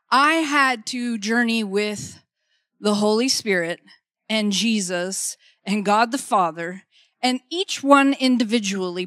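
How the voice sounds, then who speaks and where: A woman's voice: on the high side, a bit bright, dry recording, studio quality. A middle-aged woman preaching a conversational sermon. She speaks emphatically, repeats her key phrases and keeps checking in with "okay?".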